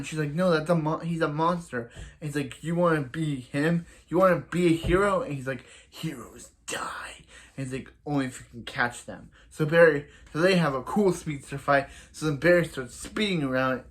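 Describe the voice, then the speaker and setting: A man casually recapping a TV episode, rambling with lots of restarts and acting out characters' lines in quick asides. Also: medium pitch, fairly bright tone. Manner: rambling, full of restarts and "so yeah". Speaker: TV episode reviewer.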